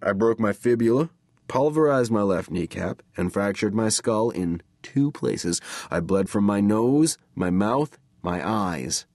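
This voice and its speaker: Low-voiced male audiobook narrator. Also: lively intonation, measured pace, vocal fry, a little mellow, dry recording, clean studio sound. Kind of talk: scripted first-person narration.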